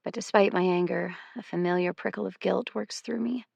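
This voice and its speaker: A woman reading a first-person novel aloud as an audiobook narrator, in a wry, measured storytelling manner. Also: lowish voice, fairly even intonation, vocal fry, darkish tone, breathy edge, dry recording.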